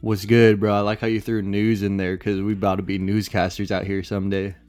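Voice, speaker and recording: Young male co-host, low voice, easygoing slang, dry recording. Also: fairly quick, dry recording, soft background music. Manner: relaxed, slangy. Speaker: podcast co-host. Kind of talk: casual chat.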